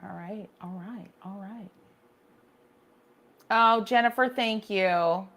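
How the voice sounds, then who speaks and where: A woman's voice: mid-range voice, slow pace, fairly bright tone, a little hiss or hum. A woman hosting a casual painting livestream, chatting with viewers and reacting to their comments, often restarting her sentences.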